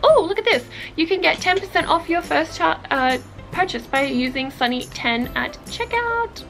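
Gushing high-voiced young woman. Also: normal speed, creaky, low-quality recording. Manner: gushing, excitable, gasps and exclaims often. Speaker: vlogger. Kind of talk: unboxing vlog. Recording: faint music behind.

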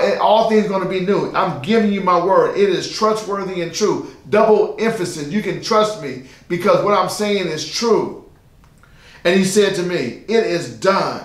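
A man's voice: high voice, echoey room. A man preaching a sermon as pastor, emphatic and repetitive, asking the listeners rhetorical questions.

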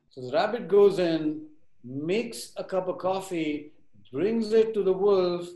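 At a workshop, a man tells a fable to a live audience, giving the characters their own voices and quizzing listeners along the way. His mellow voice sits high and moves at a measured pace, captured in a rough recording in an echoey room.

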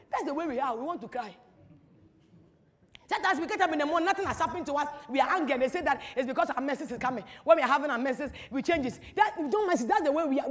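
A woman giving an animated, teasing church talk to an audience, full of rhetorical questions. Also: high voice, long reverb tail. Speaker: speaker at a church teaching. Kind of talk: lively sermon-style talk to an audience.

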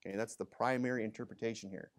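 A man's voice: fairly low pitch, fairly even intonation, racing. A male pastor preaching a sermon in a church, talking conversationally and reading scripture aloud in a raised voice. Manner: conversational, frequent "you know" and "okay?", reads scripture louder. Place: church sanctuary.

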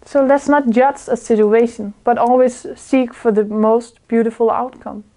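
Indoors with a small group, a spiritual speaker talks informally in a mellow, slightly high voice, keeping a steady tone and moderate pace. She is earnest, laughs a lot and often has to search for what to say.

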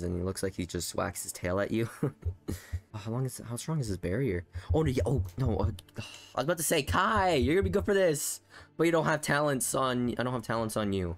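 A young male streamer commentates his own gameplay in an exasperated, ranting way. His voice sits at a middle pitch but lurches between grumbling lows and sudden shouted peaks. Faint music plays behind him. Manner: angry ranting, swings from muttering to shouting. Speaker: gaming streamer. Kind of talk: frustrated live gameplay commentary.

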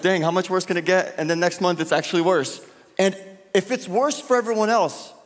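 A man's voice: high-pitched, in a large hall. A young man preaching casually to a church gathering in a loose, chatty way with lots of fillers. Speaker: youth pastor. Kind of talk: casual sermon and prayer. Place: church hall.

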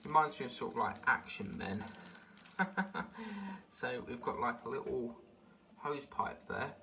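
A man's voice: mid-range voice, measured pace, sharp tone. A man casually chatting through an unboxing of model parts, rambling and easily delighted. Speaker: model-building vlogger. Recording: distant mic with clear background noise.

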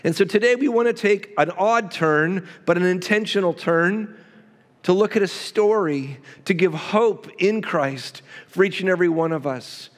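Man, pastor, sermon, emphatic repetition, asides to the congregation, high voice, long hall reverb. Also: moderate pace.

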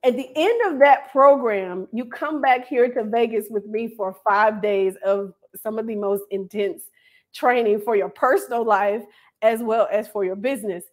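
This woman grew up in North Carolina and talks in a slightly high voice. She hosts a casual live stream, reading out viewers' names and welcoming them. She stays animated throughout and laughs often. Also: moderate pace. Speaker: host of an online hair school livestream.

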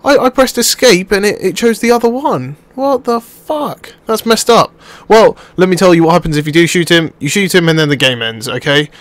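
A man's voice: on the high side, a little fast, hardly any pauses, no echo. A man giving live gameplay commentary, exclaiming and swearing at what happens on screen. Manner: excitable, exclaiming and swearing at the game. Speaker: video game commentator.

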